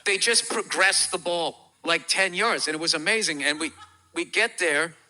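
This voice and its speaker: Loud, bright-voiced profane male comedian. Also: on the high side, normal speed. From America. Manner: profane, animated, acts out quoted voices loudly. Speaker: comedian guest. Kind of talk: talk show storytelling.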